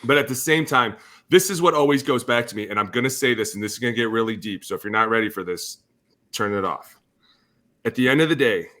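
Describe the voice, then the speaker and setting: Blunt, animated man talking football. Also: a little high. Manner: blunt, animated, acts out players and coaches. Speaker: podcast co-host, former NFL lineman. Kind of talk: casual sports talk.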